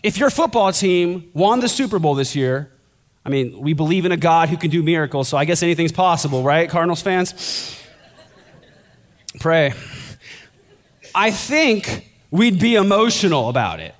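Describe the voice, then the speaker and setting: A man's voice: fairly high pitch, lively intonation, moderate pace. A young man preaching a sermon as a pastor, conversational and joking, then building to fervent intensity.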